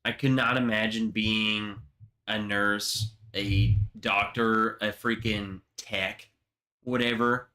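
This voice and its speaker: Young male livestream host, bright edge, unhurried delivery, casual and sweary. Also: fairly low pitch, level tone. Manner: emotional, swearing, rambling storytelling.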